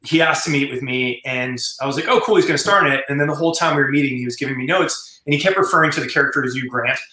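A man's voice: medium pitch, fast, sharp tone, roomy sound, low-quality recording. A man telling stories as a screenwriter guest in an interview, rambling with many fillers and restarts. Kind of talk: casual storytelling in an interview.

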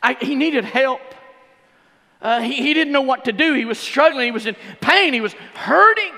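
A man preaching a sermon as pastor, swinging between shouted fervor and hushed, intimate stretches. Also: very high voice, expressive, moderate pace, creaky. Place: church sanctuary. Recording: long church reverb.

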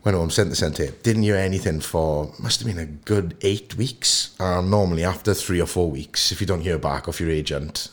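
A young man with a Welsh accent and a lowish voice, spinning stories on a podcast. He talks in a lively, animated way, slipping into the voices of people he quotes. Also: moderate pace, hardly any pauses. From Wales. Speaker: guest actor. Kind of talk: casual podcast storytelling.

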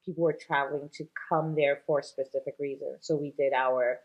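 A woman's voice: rumbling low, steady tone, brisk, darkish tone, lo-fi sound. A woman guest in a casual interview, a shop owner talking chattily with many fillers and easy laughs.

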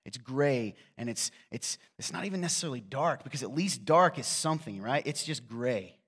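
A man's voice: medium pitch, animated, normal speed, fairly bright tone, husky. A middle-aged man from Eastern Kentucky with a slight Southern Appalachian accent, preaching a sermon in a conversational storytelling way with self-deprecating humor. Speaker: pastor.

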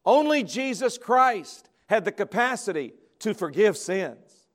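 Emphatic high-voiced man preaching a sermon. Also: animated, a little slow. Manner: emphatic, swings between soft and loud. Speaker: preacher giving a convocation message.

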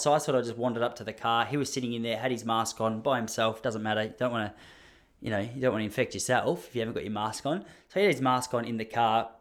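A young Australian man telling a story in a casual, mock-indignant monologue. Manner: animated, mock-indignant, jumps up high when acting out others.

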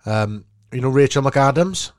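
A Welsh man hosting a podcast, telling an animated story and laughing easily. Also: mid-range voice, a little slow, no room sound, studio quality. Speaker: podcast host, actor. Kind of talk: casual chat, storytelling.

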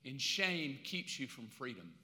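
An older man preaching a sermon as pastor, animated and jokey, and openly confessional. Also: medium pitch, unhurried. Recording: echoey church hall.

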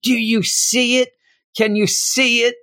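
A man putting on a shrill frantic heroine. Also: flat delivery, takes it slowly, bright, forceful tone, no room sound, studio quality, heavily acted. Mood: alarmed. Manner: exaggerated, shrill and alarmed. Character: frantic woman hero hearing things.

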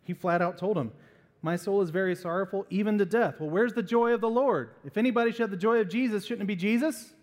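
A man preaching a sermon as pastor, animated and acting out little voices to make a point. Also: high-pitched, fast, long reverb tail.

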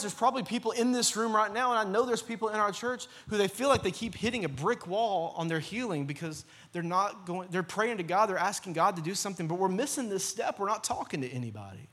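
A man's voice: high voice, fairly bright tone, slightly rough. A man preaching a sermon in church as pastor, earnest and urging, with lots of repetition.

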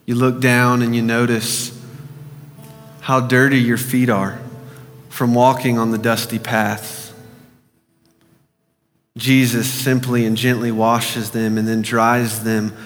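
A male pastor leading a slow, gentle guided meditation in a sermon. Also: mid-range voice, flat delivery. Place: church sanctuary. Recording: church hall reverb with soft guitar.

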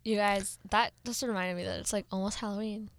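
Relaxed teen girl radio co-host. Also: medium pitch, fairly quick. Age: teens. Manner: relaxed, storytelling, playful asides. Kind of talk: casual chat.

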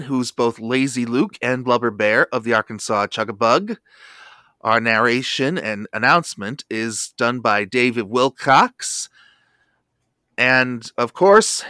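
A man's voice: mid-range voice, sharp tone, smooth, no room sound, studio quality. A man co-hosting a podcast, chatting casually and reeling off facts and credits. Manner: informative, lists facts and credits. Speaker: podcast co-host.

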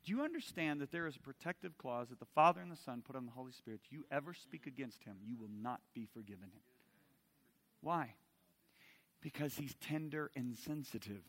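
A man's voice: medium pitch, moderate pace. Dynamic male preacher in a reverberant hall. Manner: dynamic, swings from loud emphatic to soft intimate; asks the audience direct questions. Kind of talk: sermon.

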